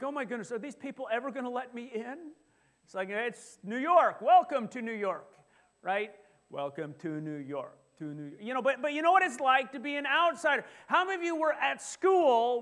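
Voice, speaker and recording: A middle-aged male pastor preaching a sermon in a church, lively and joking, often asking the congregation questions. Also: high-pitched. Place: church sanctuary.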